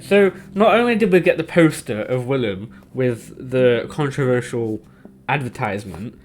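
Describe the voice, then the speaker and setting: A man's voice: mid-range voice, animated, normal speed. A young man vlogging casually about a book, rambling and emotional, with nervous laughs. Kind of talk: casual reading vlog.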